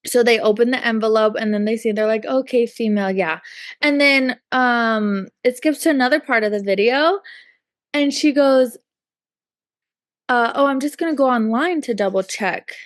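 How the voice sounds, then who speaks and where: A woman's voice: on the high side, moderate pace, no room sound, studio quality. A woman co-hosting a podcast, retelling a story in casual chat with lots of "like" and "um" and acting out the quotes. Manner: chatty storytelling, acts out quotes, many likes and ums. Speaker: podcast co-host.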